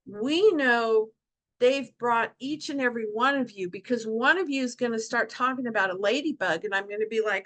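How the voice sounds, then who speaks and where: A middle-aged woman speaks with heartfelt passion, slipping into lively quoted asides as she tells her stories. Her voice sits a little high, and the sound is that of a video call. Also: normal speed. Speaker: guest speaker at support group. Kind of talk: emotional personal talk to an online group.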